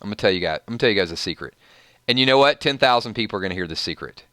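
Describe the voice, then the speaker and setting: A man with a Southern US twang hosts a livestream and rants emphatically at his viewers. His voice is bright and forceful, smooth and crisp. It sounds dry and close. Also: on the low side, lively intonation, racing, no room sound. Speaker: YouTube channel host. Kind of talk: livestream commentary and ranting.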